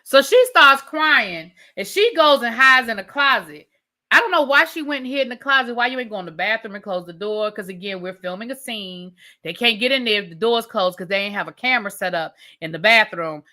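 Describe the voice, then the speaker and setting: A woman's voice: medium pitch, pushed and bright. A woman reviewing a reality show in a casual rant, sassy and blunt with profanity.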